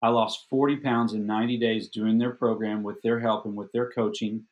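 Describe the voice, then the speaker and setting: A middle-aged man, a podcast guest, telling a personal story in a casual, animated, self-deprecating way and doubling up words when excited. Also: lowish voice, moderate pace, narrow, tinny audio.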